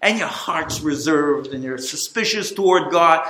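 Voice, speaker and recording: A middle-aged man delivers a sermon as pastor, his voice high and bright. He preaches with animated, emphatic swings and draws the congregation into call-and-response. The room around him rings with echo. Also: measured pace, few pauses. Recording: echoey room.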